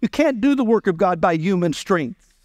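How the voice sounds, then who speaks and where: Male pastor, sermon delivery, high clear voice, dry close sound. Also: lively intonation, normal speed, a little mellow, dry recording, dull audio. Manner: preaching, acting out the voices of God and Moses. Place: church.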